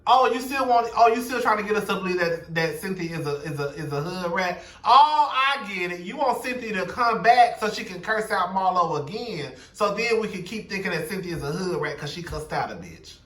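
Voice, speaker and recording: A man's voice: high voice, animated, fairly quick, few pauses, fairly bright tone, roomy sound, recorded from a distance. A young man giving a sassy, blunt, profane recap of a reality TV episode, gossiping and quoting the cast. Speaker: show recap commentator.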